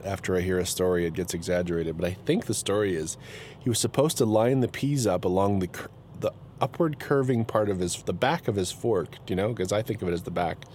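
A man's voice: low-pitched, a little fast. A man chatting casually in a rambling vlog, often breaking off mid-thought and starting over. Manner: chatty, rambling, self-interrupting. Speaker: blogger. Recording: loud road noise.

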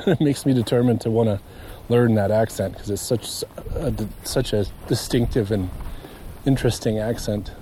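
Here a man with a lowish, warm voice talks at normal speed as he wanders a marsh, vlogging his nature walk. He drifts from story to story, amused by himself and laughing along, with slight background noise in the outdoor recording.

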